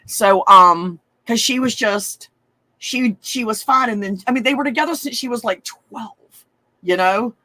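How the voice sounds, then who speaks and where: A woman with a drawl tells a personal story in casual, chatty talk. She wanders off on tangents and swears without a second thought. Her voice is bright and carries some push. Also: fairly high pitch, measured pace, dry recording. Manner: chatty, profane, rambling with frequent asides.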